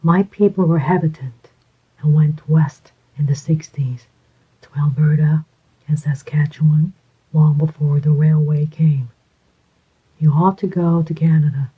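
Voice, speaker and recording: In a whispered role-play, a reader voices a sly, contemptuous man pretending to be an army major, with a faintly mocking manner. The mid-range voice is a little slow and breathy, with fairly even intonation, captured on a dull lo-fi recording.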